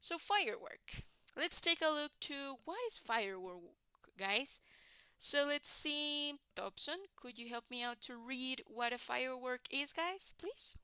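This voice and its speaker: A woman's voice: high-pitched, lively intonation, unhurried, pushed and bright, clean tone, no echo. A woman teaching an English class online, patiently explaining and constantly checking in with "right, guys?". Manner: encouraging, explains patiently, repeats key words.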